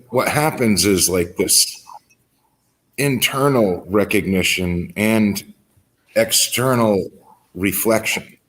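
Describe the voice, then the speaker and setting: A man's voice: low voice, fairly bright tone. A man hosting a talk show, speaking reflectively and hesitantly with frequent ums. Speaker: host. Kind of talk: casual reflective chat.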